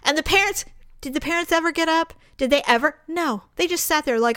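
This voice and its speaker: A woman's voice: sits high, brisk, a bit bright, dry recording, studio quality. A woman telling an indignant travel story in casual chat, acting out the people she quotes.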